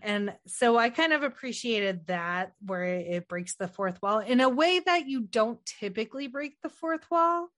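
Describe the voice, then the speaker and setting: Animated, swearing woman recapping a movie. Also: on the high side, a little slow, hardly any pauses. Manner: animated retelling, casual swearing. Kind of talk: casual movie recap chat.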